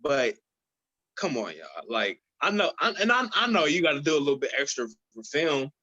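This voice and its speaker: A man co-hosting a podcast in casual chat, speaking deliberately and repeating his points for emphasis. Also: on the high side, sing-song, bright, forceful tone, highs cut off. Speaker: podcast co-host. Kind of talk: casual chat about movies.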